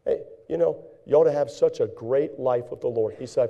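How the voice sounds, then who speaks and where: A man preaching a folksy, animated sermon as pastor, now and then acting out frantic voices. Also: mid-range voice, normal speed, vocal fry, hardly any pauses, lo-fi sound.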